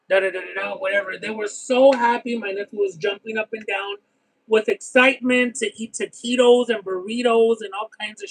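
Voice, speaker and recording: A man's voice: high voice, gravelly, a bit bright, poor audio. A young man vlogger telling a candid, emotional story in a casual way, swearing freely. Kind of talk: casual storytelling on a food stream.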